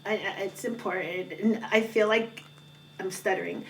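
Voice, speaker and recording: A woman's voice: mid-range voice, steady tone, normal speed, slight background noise. A woman hosting an online radio show, chatty and encouraging, laughing easily. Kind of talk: casual interview. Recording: distant mic with music behind.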